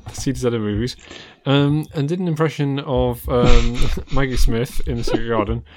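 A man's voice: mid-range voice, steady tone, moderate pace, noisy background. Jokey man on a podcast. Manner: jokey, laughs often. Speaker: podcast co-host. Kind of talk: casual chat.

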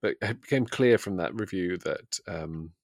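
A man's voice: low-pitched, moderate pace, gravelly, no room sound, studio quality. A man, co-hosting a podcast in casual chat, wry and teasing with arch understatement. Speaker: podcast co-host.

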